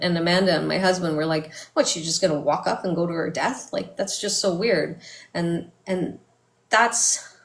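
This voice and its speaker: A middle-aged woman telling a personal story in a vlog, speaking softly and haltingly, with many fillers and restarts. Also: fairly low pitch. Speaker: vlogger. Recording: echoey room.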